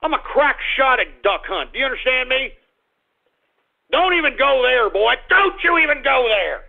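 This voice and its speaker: A man hosting a call-in radio show, ranting loudly and cursing whenever he gets angry. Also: very high-pitched, big pitch swings, moderate pace, gravelly. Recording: lo-fi phone-like radio audio.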